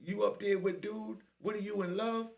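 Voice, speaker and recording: A man's voice: high-pitched, steady tone, normal speed, vocal fry, voice pushed up. A man voicing a male inmate who taunts in a put-on female voice, teasing and sing-song.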